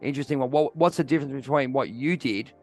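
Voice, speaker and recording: A man's voice: mid-range voice, quick pace, darkish tone. A man with an Australian accent hosting a podcast, rambling and searching for words, calling people "mate". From Western Australia. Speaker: podcast host. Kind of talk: casual interview chat.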